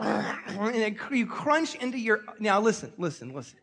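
High-voiced storytelling man preaching. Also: moderate pace, husky. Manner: conversational storytelling preacher, animated call-and-response. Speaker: pastor. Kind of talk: sermon.

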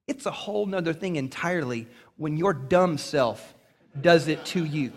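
A man pastor delivering an animated sermon, telling stories and leading call-and-response with the congregation. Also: a little high, normal speed, in a large hall. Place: church sanctuary.

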